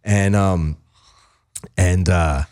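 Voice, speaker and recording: A man's voice: low-pitched, drawn-out words. A man in casual chat, telling a wild story with lots of swearing and acted-out quotes. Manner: animated, profane, acts out quotes in voices.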